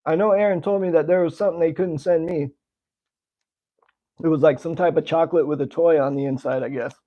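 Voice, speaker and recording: A man's voice: a little high, muffled recording. An American man hosting a slingshot channel, chatting casually with viewers and answering their comments while tasting candy. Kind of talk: casual live-stream chat, tasting candy.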